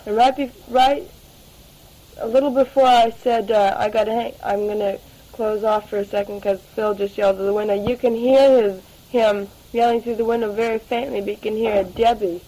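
A woman's voice: a little high, fairly even intonation, normal speed, dark tone, a little hiss or hum, poor audio. A teenage girl rambling through a spoken audio letter to her family, full of fillers and restarts, taped at home. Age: late teens. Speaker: letter writer.

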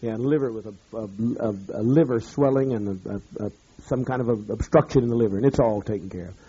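A man, a pastor, berating his congregation in a profane rant, swinging from shouting to muttering. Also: mid-range voice, quick pace, breathy edge, dull audio. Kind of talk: ranting address to his congregation.

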